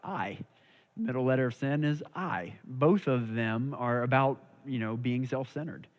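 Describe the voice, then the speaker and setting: A man's voice: medium pitch, normal speed. A man teaching a casual church Bible study, talking conversationally and checking in with his listeners. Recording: dull lo-fi recording.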